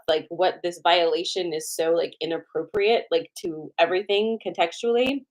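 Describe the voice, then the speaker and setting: A woman host telling a personal story to viewers in a casual, animated way, with a lot of swearing and "like" fillers. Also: on the low side, moderate pace, hardly any pauses.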